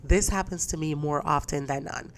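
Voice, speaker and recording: A woman with a very low voice chats loosely on her own podcast. She rambles, restarts her sentences and laughs between them. Her voice sounds a little stuffy, and she speaks into a podcast mic. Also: normal speed, slight background noise. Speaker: podcast host. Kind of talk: casual solo podcast chat.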